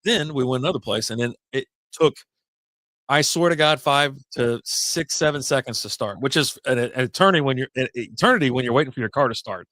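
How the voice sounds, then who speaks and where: A man's voice: medium pitch, fairly quick, fairly bright tone, dry recording. A man hosting a casual beer-chat podcast, telling rambling stories that jump from topic to topic and cursing casually. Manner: rambling, jumps between stories, swears casually. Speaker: podcast host.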